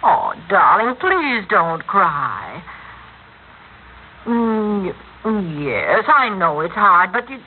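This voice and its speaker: A woman's voice: medium pitch, expressive, slow. An actress playing a domineering, possessive middle-aged wife and mother in an old radio drama, imperious and doting by turns. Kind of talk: 1950s radio acting. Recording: tinny old radio recording, faint hiss.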